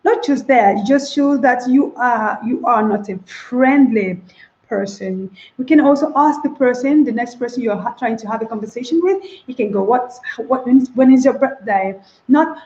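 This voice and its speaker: Female English teacher, higher-pitched, drills example phrases aloud; dull, muffled recording. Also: normal speed, warm tone. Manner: demonstrates phrases by repeating them with changing stress. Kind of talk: online spoken English lesson. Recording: roomy, dull lo-fi sound.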